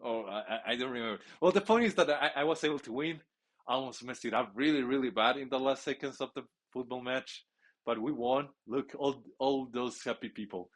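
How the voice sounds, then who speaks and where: Excitable rambling man narrating his gameplay. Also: medium pitch, brisk. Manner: excitable, rambling, with frequent restarts. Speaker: gamer playing a football video game.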